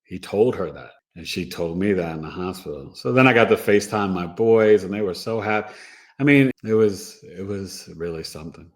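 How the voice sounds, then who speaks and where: A man's voice: deep voice, animated, moderate pace. A man from New York, a guest recounting his own experience in an earnest, emotional way with frequent restarts. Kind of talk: personal storytelling.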